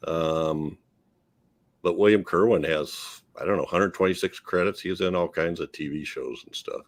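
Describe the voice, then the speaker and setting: A man's voice: low-pitched, moderate pace. A man hosting a casual film-review podcast, rambling and hesitant with fillers. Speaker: podcast host.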